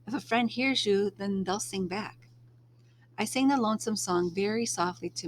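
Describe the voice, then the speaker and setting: A woman reading a first-person novel aloud in a soft, unhurried storytelling manner, now and then dropping to a hush. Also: medium pitch, a little hiss or hum. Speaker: reader.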